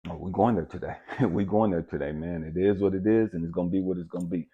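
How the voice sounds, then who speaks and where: A man with a low, slightly rough voice talks quickly through a blunt, profane spiritual motivational monologue. He repeats his points for emphasis, and the recording is dull and lo-fi.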